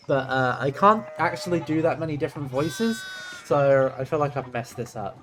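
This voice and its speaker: A man's voice: mid-range voice, moderate pace, fairly bright tone, slight background noise. A young man streaming a game, commenting casually in a rambling, self-deprecating way. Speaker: gaming streamer. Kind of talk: casual let's-play commentary.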